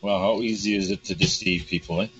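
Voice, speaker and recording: A man in his sixties hosting a casual interview, relaxed and hesitant, with many fillers. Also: deep voice, fast, dull audio, faint music behind. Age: 60s. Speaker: host.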